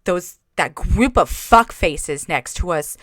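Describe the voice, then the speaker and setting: A woman hosting a podcast, telling a story in casual chat with animated, profane delivery. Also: on the low side, slow, no room sound, studio quality. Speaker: podcast host.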